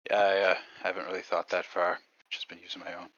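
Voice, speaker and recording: Bright-voiced teenage young man. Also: deep voice, completely flat delivery, quick pace, dull audio. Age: late teens. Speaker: player. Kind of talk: casual chat during a tabletop game.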